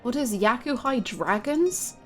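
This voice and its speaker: A woman's voice: on the high side, expressive, a little slow, fairly bright tone, soft background music. A woman streaming a game live, chatting casually, self-mocking and answering her chat aloud.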